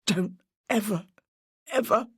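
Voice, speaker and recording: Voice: medium pitch, slow pace, a bit bright, husky, no room sound, voice pushed up, full character voice. A distraught, loving husband , voiced by an audiobook narrator, who talks in short, muffled, clipped phrases. His lines sit a little above the narration and sound dry and close.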